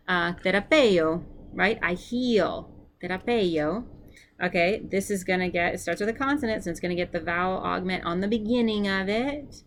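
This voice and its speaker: A woman's voice: lowish voice, creaky, slight background noise. A woman teaching a vocabulary lesson, repeating each word for the learner and chatting casually as she corrects herself. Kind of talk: drill-style vocabulary lesson.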